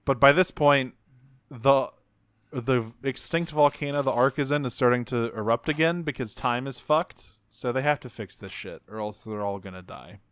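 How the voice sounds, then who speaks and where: A man in casual podcast chat, animated and profane, breaking into silly character voices as he recaps cartoon episodes. His voice is smooth and resonant, recorded close and dry with no room sound. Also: mid-range voice, moderate pace, no room sound. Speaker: podcast co-host.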